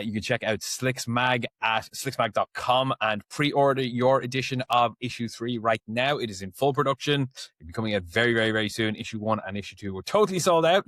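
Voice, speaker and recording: A man's voice: on the low side, a bit bright, no echo, studio quality. A man hosting a casual motorsport podcast, talking loosely and often restarting his phrases. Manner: chatty, restarts phrases, reads sponsor plugs. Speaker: podcast host.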